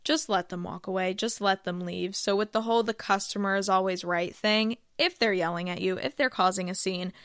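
Smooth-voiced woman giving casual advice. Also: medium pitch, a little fast, hardly any pauses, a bit bright, no room sound, clean studio sound. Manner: chatty, uses filler phrases. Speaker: podcast host.

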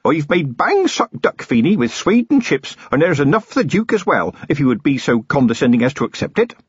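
A man reading a novel aloud, voicing a nervous, overly formal village mother in a high fluttery voice. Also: very animated, a little fast, breathy edge, no echo, heavily acted. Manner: anxiously polite, over-formal. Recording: dull lo-fi audiobook recording.

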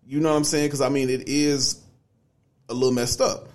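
A man's voice: medium pitch, fairly even intonation, normal speed, a little mellow. A young man on a podcast, casually telling a long personal story, laid-back, with lots of fillers. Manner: laid-back, many fillers like "you know what I'm saying". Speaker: podcast co-host.

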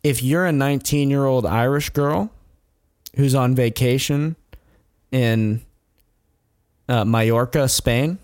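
A man's voice: medium pitch, takes it slowly, long pauses, a little mellow, no room sound, studio quality. A man telling a true story in casual chat as host, rambling with chuckles and blunt asides.

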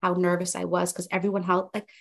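A young woman journalist appears as a podcast guest, recounting her career story in a casual interview. Her gravelly voice sits on the low side and moves quickly, chatty and animated, with lots of fillers.

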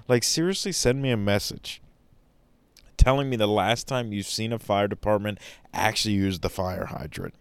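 A man with a low, smooth voice rambles through a comic monologue, ranting and throwing questions at the listener. It is recorded dry and close, with no room echo. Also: expressive, normal speed. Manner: ranting, asks the audience questions, exaggerated.

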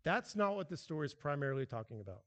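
A man preaching a sermon as pastor, animated and emphatic, with frequent restarts. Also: fairly high pitch, fast, big-room sound.

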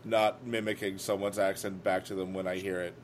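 A man's voice: deep voice, level tone, brisk. A man in his thirties chatting casually on a podcast, swearing freely and laughing easily. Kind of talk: casual chat.

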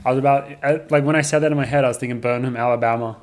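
A man's voice: medium pitch, fairly even intonation, racing. A young man hosting a casual podcast in a studio, joking and laughing easily as he talks. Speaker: podcast host.

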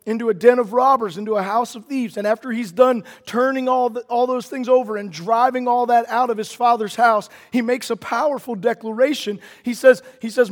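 A man's voice: very high voice, normal speed, few pauses, in a large hall. A man preaching a sermon earnestly, often repeating words and building to emphatic declarations.

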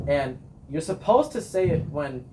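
A young man who talks a lot and laughs easily, his voice swinging widely in pitch. He chats as a marching band captain on a student podcast, with a faint hiss under the recording. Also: very animated, unhurried. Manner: talkative, laughs often, chants cheers. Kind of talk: casual podcast chat.

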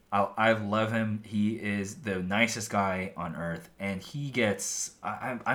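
A man's voice: deep voice, a bit bright. A young man hosting his own podcast in casual, rambling talk full of "like" and "um", his voice a bit worn as he is losing it. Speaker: podcast host.

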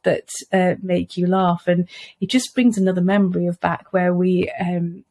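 A woman's voice: lowish voice, fairly even intonation, normal speed. A woman from Wales, a podcast guest, telling family stories in a conversational way with frequent restarts. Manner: warm storytelling, many restarts. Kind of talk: casual conversation.

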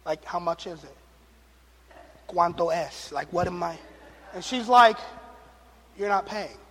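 Speaking at a measured pace in a high voice, a pastor animatedly preaches, voicing the characters of his story and weaving in jokes and laughs. A bit of hiss or hum sits under the long reverb of a large hall.

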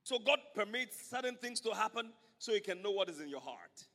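A man's voice: sits high, animated, a little fast, bright, forceful tone, in a large hall. A man preaching a sermon to his church, emphatic and repetitive, drawing the congregation into call-and-response. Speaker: pastor. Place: church sanctuary.

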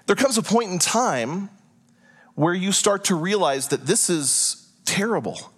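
A man preaching a sermon to a congregation, earnest and deliberate, pausing for effect and acting out imagined prayers. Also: sits high, expressive, a bit bright. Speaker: pastor. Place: church hall before a congregation.

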